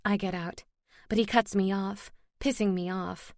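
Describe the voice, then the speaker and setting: A woman's voice: mid-range voice, fairly even intonation, normal speed, darkish tone, no echo, studio quality. A woman reading a first-person fantasy romance audiobook expressively, lifting her voice for dialogue. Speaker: audiobook narrator.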